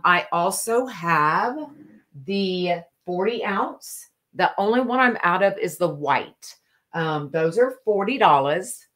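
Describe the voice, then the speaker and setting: A woman hosting a live stream to sell custom cups, talking casually and slowly with lots of ums. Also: lowish voice, a bit bright. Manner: slow, drawling, many ums. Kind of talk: casual live sales chat.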